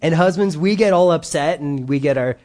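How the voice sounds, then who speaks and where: A man's voice: on the high side, a little fast, darkish tone. A man preaching a sermon in a casual, joking way, acting out the voices of the people he quotes. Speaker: pastor.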